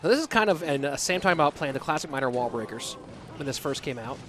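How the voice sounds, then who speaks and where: A young man with a slightly high voice casts a game live from his home office, rambling and chatting straight to his viewers. Faint game music plays underneath him. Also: lively intonation, quick pace, fairly bright tone. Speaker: esports caster. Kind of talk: solo live-stream commentary and chat reading.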